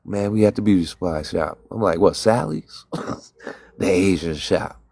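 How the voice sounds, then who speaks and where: A man's voice: low-pitched, a little slow, creaky, a little mellow, no room sound, studio quality. A man in a heated group talk, preaching and telling stories with acted-out quotes and some cussing. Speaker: panelist. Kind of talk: impassioned group discussion.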